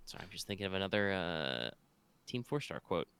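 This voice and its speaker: A man's voice: deep voice, big pitch swings, a little fast, fairly bright tone, clean tone, dry recording. A man running a tabletop game as game master, rambling a little with fillers and restarts as he describes the scene.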